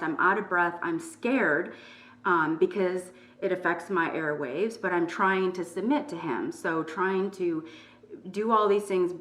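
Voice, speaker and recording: A middle-aged woman hosting her own channel, speaking softly and in a measured, strained way while telling her story and reading from her book. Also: lowish voice, roomy sound, distant mic. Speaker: YouTube channel host. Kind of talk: personal testimony, partly reading from her book.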